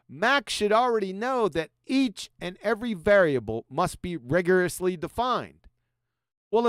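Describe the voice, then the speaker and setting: A man's voice: high-pitched, fairly bright tone, smooth, no room sound, clean studio sound. A man hosting a livestream in a combative, sarcastic way, reading quotes aloud and mocking them. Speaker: host.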